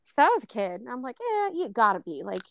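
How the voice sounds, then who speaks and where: Dry, close-sounding woman telling a lively story. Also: on the high side, fast talker, creaky, dry recording. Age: adult. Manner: animated, acts out quoted dialogue, swears freely. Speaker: podcast co-host. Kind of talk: casual storytelling chat.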